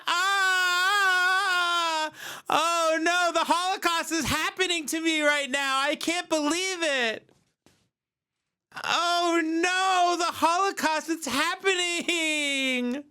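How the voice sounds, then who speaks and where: A man putting on a panicked young man who wails and cries out in shrill shouts. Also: fairly even intonation, very slow, heavily acted. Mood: panicked wailing.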